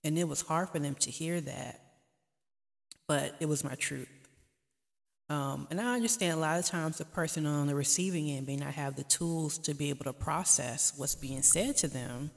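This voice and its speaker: Woman with a gravelly voice giving earnest heartfelt talk to camera, lots of echo. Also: sits low, moderate pace. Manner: earnest, pleading, faith-driven encouragement. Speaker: vlog host. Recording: long reverb, echoey room.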